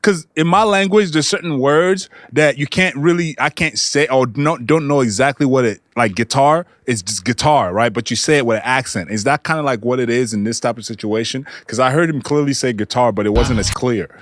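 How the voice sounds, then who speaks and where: A man's voice: medium pitch, a little fast, hardly any pauses, no echo, clean studio sound. A man hosting a music reaction video, chatting casually and singing along to lyrics he tries to sound out. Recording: loud music playing underneath. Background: loud hip hop music.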